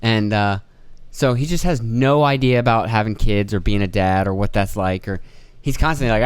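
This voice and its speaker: A man in his thirties hosts a solo podcast and rants about his week. He curses freely and sounds exasperated as he acts out his stories. His voice is smooth and resonant, recorded close and dry with no room sound. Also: mid-range voice, fairly quick, dry recording. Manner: profane, exasperated, animated storytelling. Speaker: podcast host. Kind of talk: casual solo rant.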